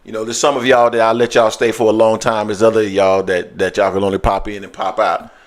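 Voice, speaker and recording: A man's voice: lowish voice, a little fast. Loose, slangy male live-stream host. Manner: loose, animated, slangy banter. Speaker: sports show host. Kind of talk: casual live-stream chat.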